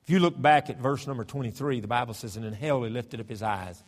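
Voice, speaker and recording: A man preaching a sermon as pastor, with a fervent, emphatic delivery that swells into loud declarations. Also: mid-range voice, quick pace, long reverb tail. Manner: starts with a hushed prayer, then builds to loud fervent preaching. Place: church sanctuary.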